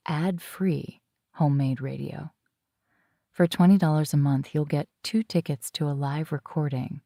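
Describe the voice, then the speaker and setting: A woman's voice: sits low, dark tone, dry recording, clean studio sound. A woman hosting a podcast, flirtatious and wry, talking while lying in bed. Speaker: podcast host. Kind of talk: scripted intro narration and casual interview chat.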